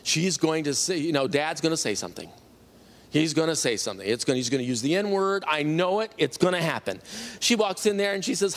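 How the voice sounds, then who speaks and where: A middle-aged man telling a personal faith testimony, animated and acting out the people he quotes. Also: high voice, fairly quick. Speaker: testimony speaker.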